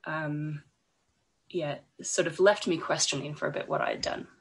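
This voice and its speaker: A woman speaking as a podcast guest, her voice croaky from a cold and rough with fry. She sits a little low in pitch and sounds husky. She talks in a hesitant way, full of ums and restarts. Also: steady tone, moderate pace. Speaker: podcast guest, illustrator and designer. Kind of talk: casual interview talk.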